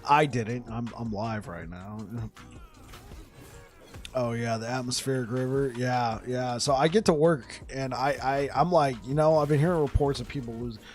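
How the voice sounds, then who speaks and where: Soft background music plays as a man with a medium-pitched voice talks with viewers during a live game stream at a moderate pace. He often laughs, repeats himself along the way, and grows excited while storytelling.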